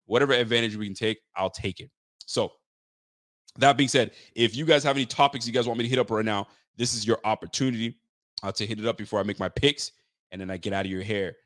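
A fairly low-voiced young man talks sports on his podcast in a loose, slangy way, jumping up in pitch when he acts out what other people said. The sound is dry and close, with no room around it. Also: fast talker, no room sound. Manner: animated, lively storytelling with mimicked quotes; loose street slang and swearing. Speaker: podcast host. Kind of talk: casual sports talk chat.

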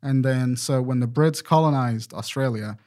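A man's voice: mid-range voice, normal speed, darkish tone. Casual male podcast host, loose and rambling, swears freely. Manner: rambling, profane, self-correcting. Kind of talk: casual chat.

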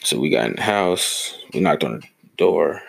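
Deep gravelly young man ranting. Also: animated, normal speed, no room sound. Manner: blunt, profane, heated storytelling. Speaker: podcast host. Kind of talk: casual solo podcast storytelling.

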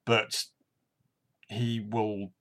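A man with a fairly low voice chats casually as a co-host. He talks in a relaxed, halting way, packing in fillers and the odd swear word. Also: vocal fry. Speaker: podcast co-host. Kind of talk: casual wrestling review chat.

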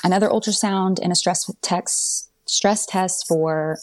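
A woman's voice: fairly low pitch, unhurried. A young woman telling a personal story in a chatty way, full of fillers, acting out what others said. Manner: chatty, many fillers, quotes others in lively voices. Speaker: podcast guest. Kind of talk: telling her birth story.

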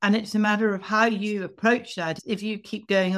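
A woman talks in a podcast conversation in a reflective, supportive manner. Her voice sits at an ordinary middle pitch. She sounds measured and attentive as she speaks. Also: steady tone, fairly bright tone.

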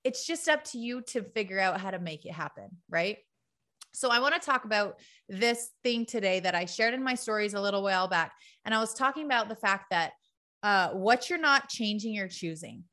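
A woman's voice: mid-range voice, lively intonation, a little fast, pushed and bright. A woman giving a direct, emphatic tough-love motivational talk to her followers, full of repetition. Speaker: motivational speaker.

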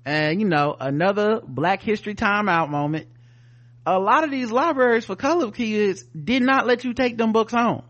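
Animated man recapping a TV episode. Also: high-pitched, moderate pace. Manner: animated storyteller acting out characters' lines. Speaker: podcast co-host reviewing a TV episode. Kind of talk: casual profane recap chat.

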